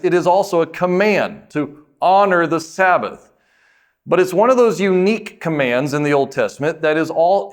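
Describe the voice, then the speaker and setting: In his sermon, this pastor, whose voice is on the high side, takes a conversational approach: he asks questions, answers them himself, and slows to emphasize key words.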